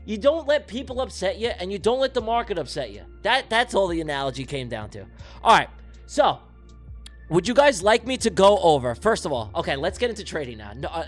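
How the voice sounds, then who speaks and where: A man running a live trading stream, talking directly to his viewers. His voice sits high and swings widely up and down as he tells stories full of swearing. Soft music plays quietly under him. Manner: animated, profane storytelling; talks directly to the audience. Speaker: trading livestream host. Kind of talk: livestream chat.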